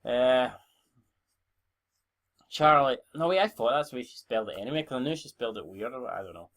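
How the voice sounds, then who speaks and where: Speaking fairly quickly in an animated, slightly bright mid-range voice, a Scottish man in his twenties covers a wrestling booking game for YouTube. He swears, rambles and keeps cutting himself off mid-sentence to fix what he said.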